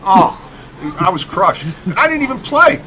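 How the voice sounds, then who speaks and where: A middle-aged man from Rockford, Illinois, a podcast guest telling an animated story about his college basketball days, emphatic and fond of tagging his lines with "okay?". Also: sits high, normal speed, slight background noise, rough recording.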